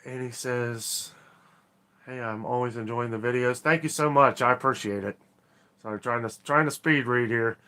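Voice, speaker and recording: A man's voice: medium pitch, fairly even intonation, normal speed, pushed and bright, clean tone. A man hosting a casual live stream, chatting in a rambling way and reading viewer comments aloud. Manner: rambling, chatty, apologetic, laughs often.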